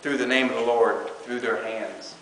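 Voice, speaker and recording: A man's voice: mid-range voice, steady tone, normal speed, a bit bright. A man preaching a conversational sermon, stepping into quoted prayers and doubters' words as he teaches. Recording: echoey hall with long reverb.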